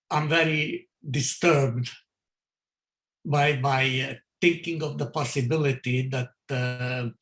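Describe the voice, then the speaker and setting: An older man from Hungary giving his survivor testimony, speaking haltingly with many fillers and restarts. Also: mid-range voice, a bit bright. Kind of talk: testimony in a video call talk. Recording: roomy echo.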